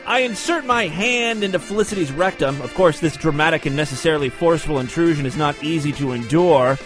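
A man with a notably high voice reads a scripted story aloud. His delivery is brisk and matter-of-fact, with the odd dry aside. Soft music plays quietly behind him. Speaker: narrator.

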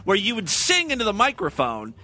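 A man's voice: high-pitched, wildly swooping pitch, brisk, pushed and bright. A man hosting a comedic talk show, giving crude, sarcastic running commentary over clips. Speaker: podcast host.

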